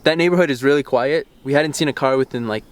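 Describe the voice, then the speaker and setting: Outdoors near some parked cars, a young man who runs a car vlog talks fast in a medium-pitched voice. His relaxed, chatty retelling of events includes acted-out quotes, recorded through a shotgun mic mounted on the camera.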